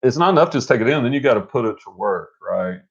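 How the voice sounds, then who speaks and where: A middle-aged man co-hosting a casual live stream, energetic and motivational, rambling with restarts. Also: medium pitch, quick pace, gravelly, slightly rough. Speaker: co-host. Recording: dull lo-fi stream audio.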